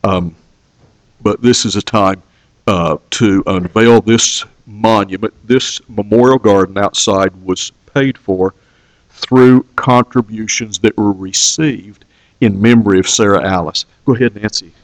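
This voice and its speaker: A man's voice: fairly low pitch, fairly even intonation, unhurried, no room sound. A man informally introducing a memorial ceremony in a small church. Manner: informal, with fillers.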